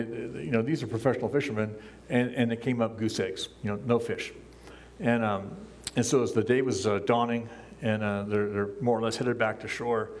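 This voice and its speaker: Older man preaching casually from a pulpit. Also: mid-range voice. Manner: casual, conversational preaching with frequent chuckles; acts out quoted lines in a raised voice. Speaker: pastor. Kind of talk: sermon. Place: church, speaking from a pulpit.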